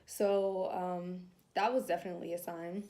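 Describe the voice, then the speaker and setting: A young woman telling a personal story to camera in a casual vlog, animated and laughing as she acts out her own thoughts. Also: fairly low pitch, moderate pace. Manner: animated, laughing, acting out her inner dialogue. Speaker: vlogger.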